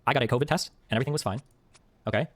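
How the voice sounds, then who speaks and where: Man, streamer. Very quick, rambling, profane monologue at a desk mic. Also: mid-range voice, fairly bright tone, no room sound. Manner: rambling, profane, repeats "okay?". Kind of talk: casual live-stream monologue.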